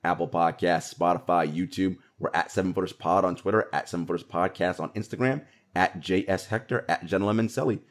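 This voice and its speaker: A man's voice: low-pitched, fairly even intonation, a little fast. A man co-hosting a basketball podcast in casual chat, laughing often and repeating words as he talks. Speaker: podcast co-host.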